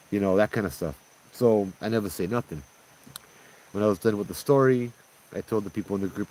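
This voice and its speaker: Man, tinged speech, lowish voice, casual ghost-story storyteller. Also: fairly quick, poor audio. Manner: relaxed, conversational, often asks "right?" and "you know?". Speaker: ghost tour guide and storyteller.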